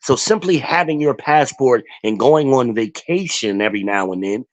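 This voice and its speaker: A man's voice: medium pitch, lively intonation, normal speed. A man hosting a casual stream, ranting bluntly with lots of cursing and rambling asides. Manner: blunt, profane, rambling rant. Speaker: channel host.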